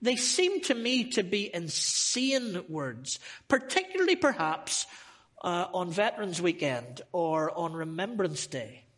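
High bright Northern Irish preacher. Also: male voice, big pitch swings, measured pace. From Northern Ireland. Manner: humorous, chatty opening asides. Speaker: guest preacher. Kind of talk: sermon.

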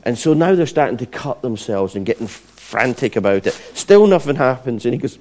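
A man preaching a sermon, retelling scripture stories in an animated way with playful asides. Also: mid-range voice, a little fast, hardly any pauses. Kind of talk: sermon storytelling.

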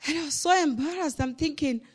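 A woman's voice: high-pitched, quick pace. A woman preacher delivering a sermon at a church service, emphatic, with many repeated phrases and a rising and falling delivery.

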